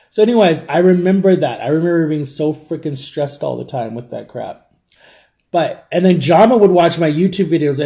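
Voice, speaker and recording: Chatty man with a mellow, higher voice. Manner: chatty, rambling, frequent "like" and "guys". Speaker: vlogger. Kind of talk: casual storytelling to camera.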